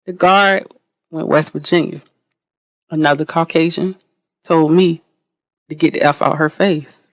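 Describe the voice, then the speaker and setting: A woman guest on a podcast telling an animated, blunt story with swearing, often repeating herself and restarting sentences. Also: low-pitched, measured pace, no room sound. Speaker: interview guest.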